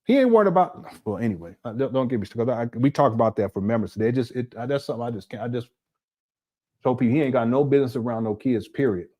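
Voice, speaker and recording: An indignant man hosts a reaction commentary, breaking down video clips and talking straight to his viewers. His voice sits at an ordinary mid pitch. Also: expressive, fast talker, dark tone. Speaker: commentary channel host.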